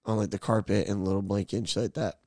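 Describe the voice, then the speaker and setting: A young man hosting a podcast, telling animated, profanity-filled childhood stories to his friends and acting out the people in them. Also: fairly low pitch, very fast, no echo, studio quality. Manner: animated, swears a lot, acts out voices in his stories. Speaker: podcast host. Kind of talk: casual storytelling among friends.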